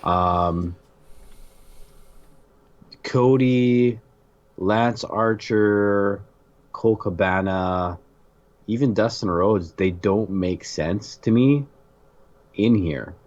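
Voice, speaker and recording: Low, unhurried man co-hosting a podcast, dull lo-fi audio. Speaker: podcast co-host. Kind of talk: casual wrestling podcast chat.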